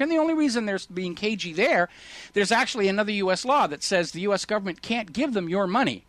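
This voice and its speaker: A man's voice: a little high, a bit bright, no room sound. A man hosting a political talk radio show, speaking in an indignant, sarcastic and emphatic way.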